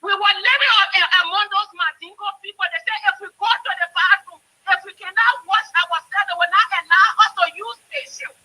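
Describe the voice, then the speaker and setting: A woman calls in over a phone line, talking emotionally and going back over her words. Her voice is very high and very bright, and now and then she raises it sharply. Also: brisk, few pauses. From Liberia. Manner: emotional, repeating herself, raised voice at times. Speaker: caller. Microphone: phone on speaker.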